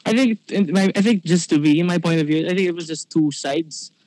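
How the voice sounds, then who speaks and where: A man's voice: fairly high pitch, fairly quick, darkish tone, no room sound, rough recording. A man talking in casual chat on a podcast, hesitant with restarts, slipping into Tagalog. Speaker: podcast guest.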